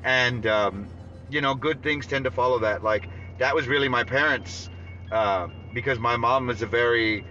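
A man's voice: medium pitch, normal speed, bright, forceful tone. Man, podcast host, laid-back and rambling, swears freely, muffled lo-fi sound, faint music behind. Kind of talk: casual podcast chat.

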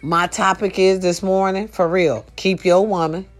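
A woman's voice: lowish voice, steady tone, measured pace. A woman with her early morning voice, hosting a casual morning talk for her followers and preaching bluntly with profanity and call-and-response phrases. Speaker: morning show host.

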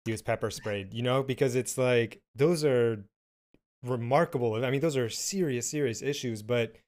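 A man's voice: medium pitch, moderate pace, a little mellow. Reflective young man hosting a podcast. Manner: reflective, hesitant, filler-heavy. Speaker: podcast host. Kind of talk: casual interview talk.

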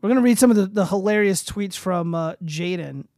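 A man's voice: high-pitched, fairly quick, darkish tone, dry recording, studio quality. A young man hosting a casual livestream, reading posts aloud and swearing freely in loose, rambling commentary. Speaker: streamer host.

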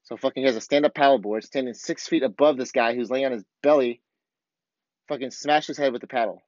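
A man's voice: mid-range voice, fast, darkish tone, no room sound, dull audio. A man hosting his own podcast, ranting bluntly and heatedly in a casual monologue full of swearing. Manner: blunt, profane, fired-up ranting. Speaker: podcast host.

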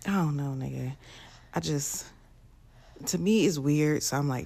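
A woman's voice: sits low, a little slow, vocal fry, mellow, husky. A young woman, ranting bluntly and profanely to camera in a casual vlog. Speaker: vlogger.

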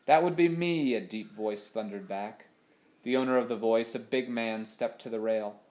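A man reading a children's adventure novel aloud with steady, expressive storytelling. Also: on the low side, normal speed. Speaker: audiobook narrator. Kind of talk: storybook narration.

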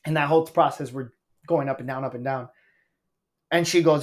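A man's voice: medium pitch, a little fast. A man, a stand-up comedian, telling a story on a podcast in a casual, profane way and acting out quotes. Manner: animated, profane, acts out quotes.

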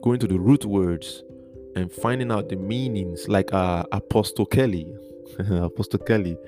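Low-voiced man teaching over guitar. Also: a little slow. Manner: earnest, repetitive, spells out words letter by letter. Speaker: Bible teacher. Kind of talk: podcast Bible teaching.

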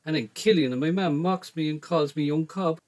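A young man with a Cork accent tells his story in a loose, rambling way, full of "like" and "I goes". His voice sits a little high for a man. He narrates steadily and plainly. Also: fairly quick, darkish tone. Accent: Cork Irish. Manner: rambling colloquial telling, frequent "like" and "I goes". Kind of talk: first-person storytelling narration.

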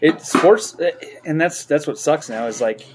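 A man's voice: on the high side, animated, a little slow, a little mellow, a little hiss or hum. A man chatting casually and bluntly, swearing and saying "like" a lot. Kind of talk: casual chat.

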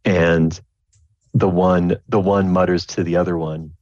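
A man's voice: low voice, level tone, unhurried, darkish tone, no room sound, muffled recording. A man narrating as game master of a tabletop game, rambling with many restarts and fillers.

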